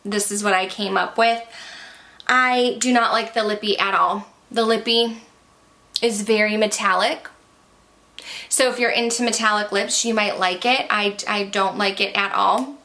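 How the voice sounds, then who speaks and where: Young female beauty vlogger, chatty and candid, a little breathless, bright tone. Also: mid-range voice, steady tone, measured pace. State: slightly out of breath. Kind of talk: casual product review.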